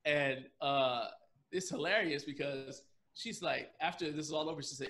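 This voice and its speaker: A man on a podcast recounting a story in a casual, rambling way, often breaking into laughter. His voice sits at an ordinary middle pitch, and he goes back over his words and stacks up fillers as he talks. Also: fairly quick. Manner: animated storyteller who laughs often while telling; loose, rambling with frequent restarts and fillers. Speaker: podcast guest.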